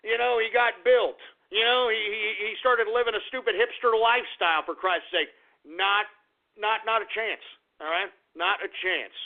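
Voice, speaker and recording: A man hosting an internet radio show, ranting abrasively and boastfully, cursing and insulting his listeners, sliding from low grumbling to shouting. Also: fairly even intonation, normal speed. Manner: boastful, profane, repeats pet phrases. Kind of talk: ranting call-in radio monologue. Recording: narrow phone-like audio.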